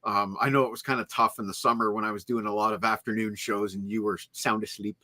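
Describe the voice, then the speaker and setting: A man's voice: fairly low pitch, little pitch movement, quick pace, pushed and bright. A man hosting a rock music podcast in upbeat, chatty talk. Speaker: podcast host. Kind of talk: casual chat.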